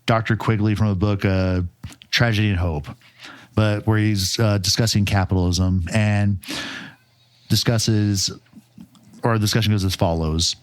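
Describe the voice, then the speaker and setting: A man with a lowish voice talks through a book on a podcast in an easy, meandering way. He leans on fillers and drops the odd swear. The sound is close and dry, with no room around it. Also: fairly even intonation, measured pace, long pauses, no echo. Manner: rambling, with frequent fillers and swearing. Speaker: podcast co-host. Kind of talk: casual chat about a book.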